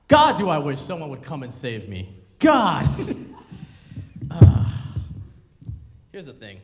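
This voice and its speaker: A man's voice: fairly high pitch, very animated, normal speed. A young man performing a confessional, rambling, self-deprecating comedy monologue live on stage. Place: performance venue in front of an audience. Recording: live hall reverb with room noise.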